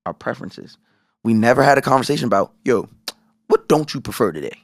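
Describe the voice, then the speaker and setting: A man's voice: medium pitch, fast talker, vocal fry, no echo, clean studio sound. A man co-hosting a podcast, telling a story in casual chat, swearing freely and acting out what people said. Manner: animated storytelling, profane, acts out quoted voices. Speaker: podcast co-host.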